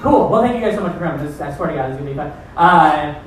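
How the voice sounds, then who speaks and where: A man's voice: a little high, lively intonation, rapid-fire. Male comedy host, self-deprecating crowd work, distant mic in a roomy, faintly noisy club. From Iowa. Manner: rambling, profane, self-deprecating. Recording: echoey room from far off.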